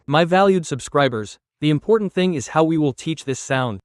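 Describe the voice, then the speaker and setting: A man's voice: a little high, expressive, moderate pace, few pauses, a little mellow, no room sound. A man from Turkey who works as a dog trainer, explaining training methods earnestly and speaking directly to his viewers. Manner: earnest, addresses the viewers directly, gives firm commands to a dog. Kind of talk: instructional video talking to viewers.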